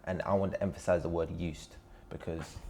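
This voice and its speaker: A man's voice: low voice, steady tone, moderate pace, darkish tone. A man hosting an interview show, encouraging and playful with his guest. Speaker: host. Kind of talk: casual interview chat.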